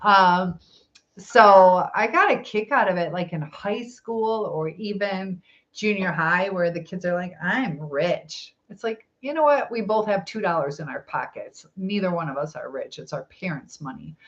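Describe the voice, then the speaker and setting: A woman's voice: mid-range voice, animated, normal speed, fairly bright tone, highs cut off. A middle-aged woman hosting a casual live stream, chatting, laughing often and reading viewer comments aloud.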